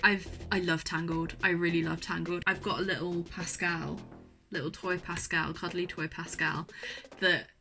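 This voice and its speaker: A woman's voice: on the low side, flat delivery, normal speed, gravelly, pushed and bright, faint music behind. A young woman in casual chat to camera, gushing and enthusiastic, often repeating herself, speaking from her university bedroom. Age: young adult. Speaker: vlogger.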